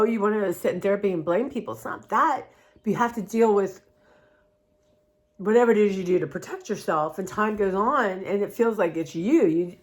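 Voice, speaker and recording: A woman talking candidly in a personal vlog, rambling and heartfelt in a confiding way. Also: medium pitch. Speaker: vlogger.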